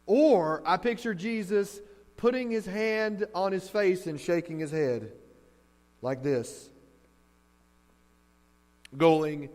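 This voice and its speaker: A man delivers a sermon in a high voice that carries through a large, reverberant hall. He tells stories with animation and acts out reactions, and a faint mains hum sits under the recording. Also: takes it slowly, pauses often. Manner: animated storytelling, acting out reactions. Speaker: pastor. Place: church hall.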